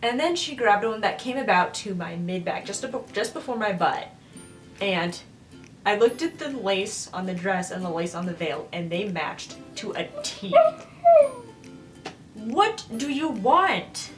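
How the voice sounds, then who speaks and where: A woman's voice: mid-range voice, animated, normal speed, reverberant. Young woman vlogging, rambling casual chat, distant from the mic, faint music behind. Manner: rambling, full of "like" and "um".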